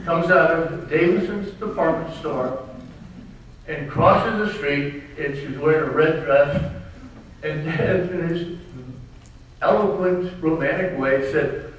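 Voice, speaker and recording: A man, an author at a book launch, telling wry and animated family stories to a live audience in a large hall. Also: high-pitched. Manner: wry, animated, drops into dry asides. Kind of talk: humorous storytelling to a live audience. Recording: echoey hall, distant mic, faint noise.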